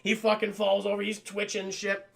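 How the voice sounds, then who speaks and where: High-voiced animated streamer man. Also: gravelly. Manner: animated, swearing, acts out the scenes in quick voices. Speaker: streamer reviewing a film. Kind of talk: casual livestream recap to chat.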